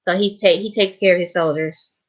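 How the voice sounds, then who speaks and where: This vlogger from the American South talks casually to her viewers, often laughing and calling them honey. She speaks fairly quickly in a lowish voice with fairly even intonation.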